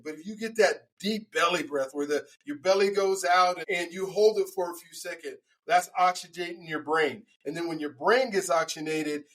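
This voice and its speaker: A man with a high voice tells a personal story as a podcast guest. He talks in an animated way, stumbling through fillers and restarts. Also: rough recording. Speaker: guest speaker. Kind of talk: storytelling interview answers.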